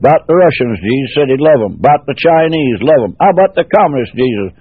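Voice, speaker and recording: A man's voice: a little high, expressive, breathy edge, dry recording. Man preaching over a tinny line. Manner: slow, drawn-out preaching with repetition. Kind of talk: sermon.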